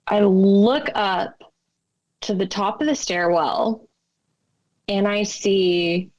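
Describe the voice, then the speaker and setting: A woman's voice: mid-range voice, drawn-out words, darkish tone, highs cut off. A woman as a podcast guest, telling a personal story with emotion and acting out the lines of people in it. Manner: emotional storytelling, acts out quotes.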